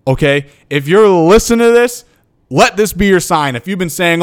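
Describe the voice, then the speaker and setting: A man's voice: high-pitched, animated, moderate pace. A young man, a football coach, hosting a motivational podcast and delivering a fired-up rant that keeps checking in with "okay?". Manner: fired up, emphatic, repeats "okay?".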